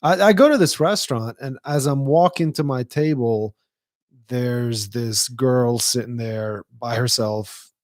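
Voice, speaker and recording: A man's voice: medium pitch, measured pace, no echo, studio quality. A young man hosting a podcast, telling rambling stories in casual chat, swearing and acting out what people said. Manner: rambling storyteller, swearing, acts out quotes. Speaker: podcast host.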